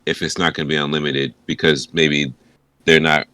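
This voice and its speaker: Very deep-voiced rambling man. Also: flat delivery, moderate pace, bright, forceful tone, dry recording. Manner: rambling, exasperated complaints. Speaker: podcast co-host. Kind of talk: casual chat.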